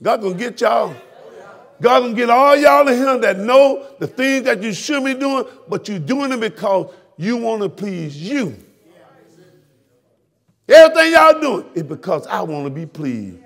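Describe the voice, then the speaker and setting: A man preaching a fiery sermon in a church, shouting and calling out to his congregation. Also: extremely high pitch, lively intonation, measured pace. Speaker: pastor. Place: church sanctuary.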